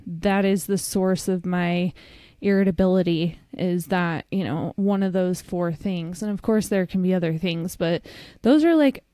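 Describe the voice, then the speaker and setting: A woman's voice: fairly low pitch, unhurried, mellow, no echo. A young woman co-hosting a podcast in candid, casual chat, swearing freely and laughing often. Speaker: podcast co-host.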